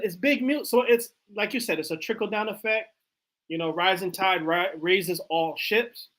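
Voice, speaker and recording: A man's voice: a little high, fairly bright tone. A man hosting a casual live chat, loose and conversational, with lots of filler words. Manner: loose and conversational, many "like" and "you know" fillers. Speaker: host.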